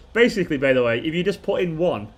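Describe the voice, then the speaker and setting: A man's voice: fairly high pitch, animated, quick pace. A man, hosting a casual football watchalong stream, rambling and chuckling as he talks. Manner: rambling, chuckling, restarts sentences. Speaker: football fan channel host. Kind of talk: casual live watchalong chat.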